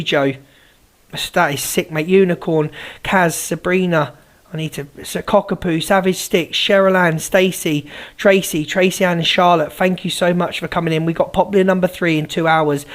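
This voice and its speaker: A man hosting a phone live stream, chatting bluntly and teasingly while thanking viewers for gifts. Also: high voice.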